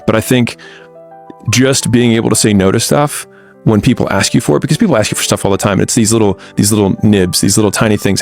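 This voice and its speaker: Low, gravelly-voiced man, blunt and frank, faint music under him. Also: fast talker. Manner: blunt, frank, with frequent restarts. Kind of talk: candid conversational storytelling.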